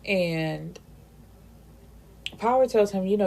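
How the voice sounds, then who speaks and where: A woman reviewing a book in a casual, animated recap, swearing freely and acting out the characters' lines. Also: on the low side, measured pace. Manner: animated, profane, acts out character dialogue.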